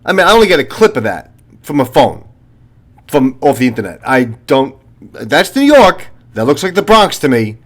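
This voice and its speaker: A man's voice: mid-range voice, big pitch swings, moderate pace. A retired police officer in his fifties, a channel host talking to viewers in a blunt, profane, lecturing monologue.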